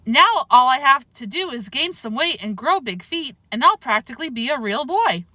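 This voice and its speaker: Lady doing a small sixth grade boy, pushy and blurty, bright pitched-up kid voice. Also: very animated, moderate pace, dry recording, exaggerated voice. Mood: sarcastic. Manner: boyish, blurting, insistent. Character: anxious short sixth-grade boy, eager and wisecracking.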